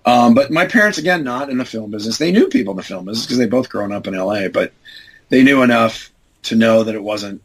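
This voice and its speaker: A husky man in his fifties, appearing as an interview guest, tells casual anecdotes in an animated, fast way over a rough recording. He rambles, corrects himself, and uses many fillers, and when he quotes people his pitch jumps dramatically to act them out.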